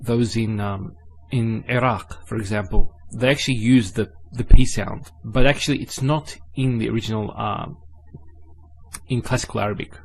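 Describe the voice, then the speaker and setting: A man giving a spoken Arabic lesson, patiently repeating each sound slowly and carefully. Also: fairly low pitch, fairly even intonation, gravelly, slight background noise. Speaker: Arabic teacher.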